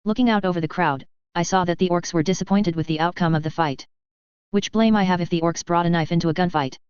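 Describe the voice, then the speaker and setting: Clear-voiced woman reading a story. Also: lowish voice, fast, darkish tone, no room sound, lo-fi sound. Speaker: narrator. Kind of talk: first-person fan fiction reading.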